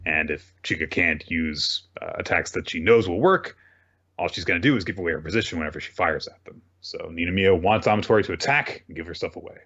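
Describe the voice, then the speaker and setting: A man's voice: low-pitched, fast talker, a bit bright, dull audio. A man co-hosting a podcast, recapping manga plot in casual chat, with frequent swearing and asides. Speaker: podcast co-host.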